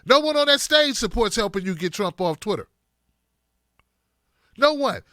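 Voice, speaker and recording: Guy ranting about politics on his stream, high bright voice, really dry sound. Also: normal speed, no echo. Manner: animated, acts out mocking quoted voices. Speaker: political commentary host. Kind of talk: livestream political commentary.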